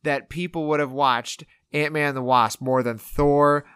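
A man's voice: a little high, fairly even intonation, measured pace, a bit bright, smooth, dry recording. A young man hosting a casual podcast chat, teasing and jokingly grumpy as he quizzes his guest. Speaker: podcast host.

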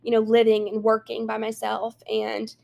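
A woman's voice: on the high side, completely flat delivery, normal speed, creaky, a little mellow. A young woman from Alabama with a Southern accent, chatting casually to camera and filling her talk with "like". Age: young adult. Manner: chatty, lots of "like" fillers. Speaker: intern vlogger.

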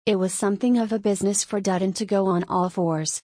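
A woman narrating a story as an audiobook in a measured storytelling way. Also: mid-range voice, steady tone, dark tone, dry recording.

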